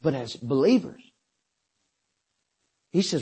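Emphatic husky-voiced Southern preacher man. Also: animated, a little slow, pauses often. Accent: Southern US, South Georgia. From South Georgia, US. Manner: emphatic, rising to shouts then dropping low. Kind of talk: sermon.

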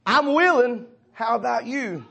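A man's voice: extremely high pitch, lively intonation, measured pace, gravelly, fairly bright tone, breathy edge, full character voice. A man voicing a hungry chicken in a folksy story told during a sermon. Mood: eager. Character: hungry farmyard chicken, eager and chummy.

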